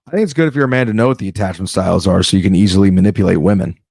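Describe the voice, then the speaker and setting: In a clean studio with no echo, a man races through a rambling comedic monologue in a low, darkish voice with vocal fry and a breathy edge. Off-the-cuff, he keeps breaking off and restarting mid-sentence.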